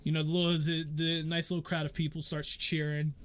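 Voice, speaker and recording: A man's voice: on the high side, little pitch movement, fairly quick. A man narrating as game master of a tabletop game, rambling with many fillers.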